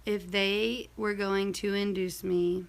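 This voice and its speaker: A woman's voice: mid-range voice, little pitch movement, takes it slowly, vocal fry. A young woman telling a personal story in a casual, rambling vlog, full of fillers and asides. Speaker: vlogger.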